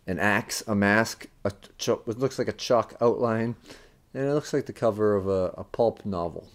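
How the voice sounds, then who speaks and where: A deep-voiced American man co-hosts a podcast in loose, casual conversation. He rambles and thinks aloud, filling pauses with uhs as he lists things off. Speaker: podcast co-host. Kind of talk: casual chat.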